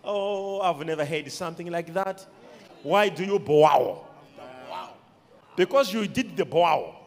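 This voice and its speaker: A man preaching a sermon, emphatic, with sudden shouted peaks and quiet asides, recorded in an echoey church hall. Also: a little high, expressive, slow pace.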